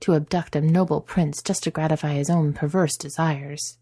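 A woman's voice: low-pitched, steady tone, moderate pace, dark tone, slightly rough, no echo, studio quality. A woman voicing a scheming male wizard who puts on a fake sad tone. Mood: falsely sorrowful.

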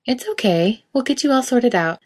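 Woman doing a chipper young saleswoman, high bubbly voice, lively and eager, storybook reading. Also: moderate pace. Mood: cheerful.

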